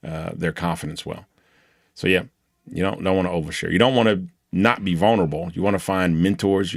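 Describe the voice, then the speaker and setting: A man's voice: sits low, no room sound, studio quality. A man teaching an online class, talking in a loose, motivational way with many restarts.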